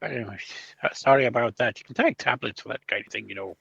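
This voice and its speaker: A man's voice: on the low side, fast talker, creaky, fairly bright tone, slightly rough, no echo, muffled recording. A man playing in a tabletop game, trading puns in character over a remote call. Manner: dry, joke-telling, punning. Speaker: player.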